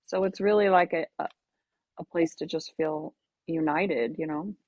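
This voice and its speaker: A lower-pitched woman speaks in casual interview chat, earnest and reflective with a halting flow. The sound is dry and close. The audio is dull and lo-fi. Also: darkish tone, no room sound. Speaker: podcast guest, melanoma advocate.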